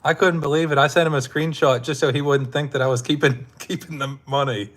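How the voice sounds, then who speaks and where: A man's voice: on the high side, fairly even intonation, a little fast, a bit bright. A man hosting a casual live stream, laid-back and laughing often as he talks with his chat, his throat sore from hours of talking.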